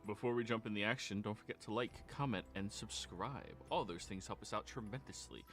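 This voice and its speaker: A man's voice: on the low side, fairly quick, a bit bright, faint music behind. A man hosting a tabletop game stream, giving upbeat, playful channel announcements before play. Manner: upbeat, playful promo patter. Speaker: game master and stream host.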